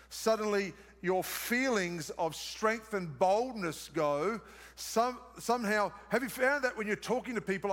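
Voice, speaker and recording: A man's voice: high voice, fairly bright tone. A man with an Australian accent preaching a sermon at a live church service, using emphatic repetition and asking the congregation questions. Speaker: pastor. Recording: long hall reverb from live service.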